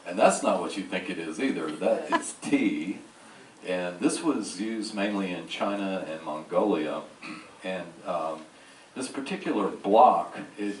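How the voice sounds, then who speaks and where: Deep-voiced Southern man lecturing in a hall. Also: a little hiss or hum. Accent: Southern US, New Orleans. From New Orleans, Louisiana. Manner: slow, folksy, joking asides. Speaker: cruise ship lecturer. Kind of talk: slide lecture to an audience. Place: large ship lecture hall. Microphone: far from the recording mic. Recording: echoey hall taped from far off.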